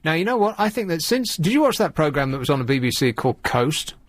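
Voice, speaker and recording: A man's voice: fairly high pitch, big pitch swings, fast talker, dry recording. A man hosting a radio phone-in from a London studio, teasing his callers in a sarcastic way. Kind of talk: late-night radio phone-in chat.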